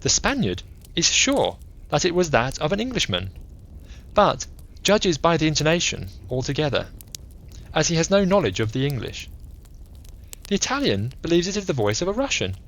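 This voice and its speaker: Eccentric clever detective played by a man, measured lecturing tone, raised pitch, lively inflection, bedtime audiobook. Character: eccentric brilliant male detective, coolly analytical.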